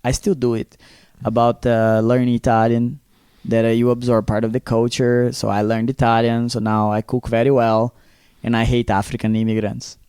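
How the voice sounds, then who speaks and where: A man with a Brazilian accent, co-hosting a comedy podcast and telling a story in a lively, swearing, casual way. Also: mid-range voice, normal speed, hardly any pauses, clear, resonant tone, dry recording. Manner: animated, swears freely, acts out quotes.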